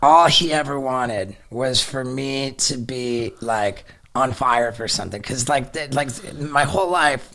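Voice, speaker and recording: A middle-aged man with a bright, forceful voice tells a story in a loose, excitable way. He swears freely and stumbles over repeated words as he rushes ahead, and his pitch sits right in the middle. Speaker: podcast guest. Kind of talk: casual storytelling.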